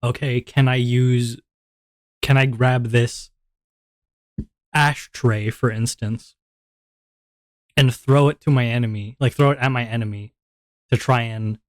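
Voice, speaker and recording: A man streaming from home, thinking out loud in a rambling way with many fillers and restarts, and a little out of breath. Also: mid-range voice, steady tone, a little slow, long pauses, no room sound, studio quality. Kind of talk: casual stream chat.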